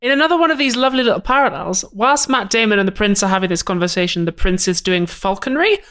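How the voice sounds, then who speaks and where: A woman's voice: mid-range voice, animated, fast, a bit bright. A woman co-hosting a podcast, bluntly recapping a film and swearing freely. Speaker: podcast co-host. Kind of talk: casual film discussion.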